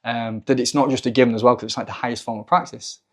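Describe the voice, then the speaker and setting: Male podcast guest with an even, flat delivery, musing at length in loose casual talk. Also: mid-range voice, fast. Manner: thoughtful, rambling with fillers. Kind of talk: casual spiritual discussion.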